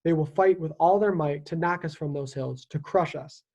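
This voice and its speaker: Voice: medium pitch, moderate pace, a little mellow, lightly acted. A reader voicing a stern, commanding Union army captain rallying his troops before battle. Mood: rousing. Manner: commanding, rousing.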